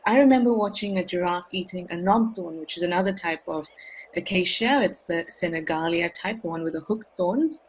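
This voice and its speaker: A woman's voice: lowish voice, fairly quick, slightly rough, highs cut off. A woman hosting a live wildlife cam show, chatting enthusiastically and reading out viewer comments.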